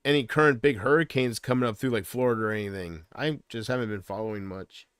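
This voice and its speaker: A man's voice: medium pitch, fast talker, a bit bright, clear, resonant tone, no echo, clean studio sound. A man chatting casually on a livestream from home, rambling and hesitant, often trailing off.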